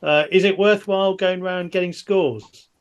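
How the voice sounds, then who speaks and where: A man acting as quiz master on a video call, reading out answers briskly with jokey asides. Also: high-pitched, fairly even intonation, smooth.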